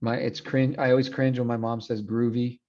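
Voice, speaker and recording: A man's voice: mid-range voice, level tone, moderate pace, darkish tone, highs cut off. A man in his thirties teaching a university class, switching between Spanish and English with frequent restarts. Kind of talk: classroom lecture.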